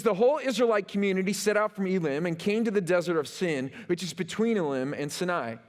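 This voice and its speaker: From the stage of a large church auditorium, a pastor's slightly high voice rises and falls widely as he acts out quotes and leans on repeated words. The hall's long echo rings through the sermon.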